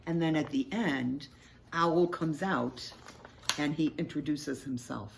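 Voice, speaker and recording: A woman teacher reading a picture book aloud to children and explaining the story in an expressive, patient way. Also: low-pitched, slow, vocal fry, background noise.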